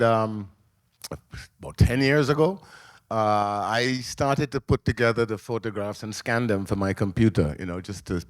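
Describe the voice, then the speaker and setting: A man in his sixties, a memoir author telling a personal family story at a live book talk, animated and emotional, acting out the people in it. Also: lowish voice, no room sound. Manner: emotional, animated storyteller who acts out voices. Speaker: memoir author on a festival panel. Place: live event in a library venue.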